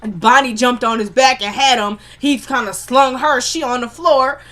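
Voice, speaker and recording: Animated woman recapping a TV episode. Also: a little high, normal speed. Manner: animated storyteller acting out quotes; slangy, conversational. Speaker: TV show recap vlogger.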